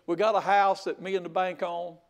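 An older man preaching a sermon, telling a folksy story with loud outbursts. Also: high-pitched, level tone, brisk, muffled recording. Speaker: pastor.

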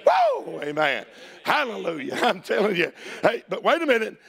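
A man preaching a lively sermon in a Southern US accent, shouting at peaks and laughing between folksy asides. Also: high voice, normal speed, vocal fry.

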